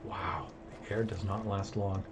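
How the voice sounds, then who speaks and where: A man talks through a live game stream in a relaxed, self-amused way, tossing out jokey tips. His voice sits on the low side. The recording carries a clear hiss of background noise. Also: a little slow. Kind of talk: live gameplay commentary.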